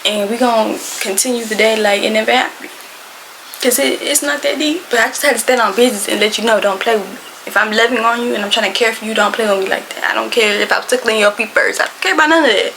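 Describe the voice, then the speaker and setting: A young woman telling a storytime to camera, animated, emphatic and slangy. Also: a little high, rapid-fire, gravelly, few pauses, slight background noise, rough recording. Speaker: storytime vlogger.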